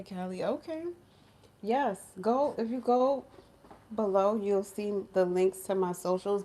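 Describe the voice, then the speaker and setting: A woman's voice: mid-range voice, dark tone, slight background noise. A woman from Brooklyn, chatting casually with viewers on a livestream and answering their comments in a slangy, direct way. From Brooklyn, New York. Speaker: vlogger reading live chat.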